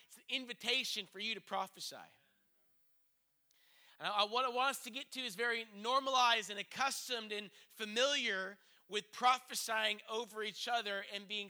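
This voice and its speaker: A man's voice: high voice, bright, forceful tone. A man preaching a conversational sermon as pastor, earnest, with frequent restarts and acted-out asides.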